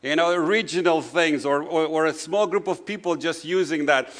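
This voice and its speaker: A middle-aged pastor with a non-native English accent, preaching a conversational sermon full of "you know" asides. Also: male voice, fairly high pitch, moderate pace, fairly bright tone.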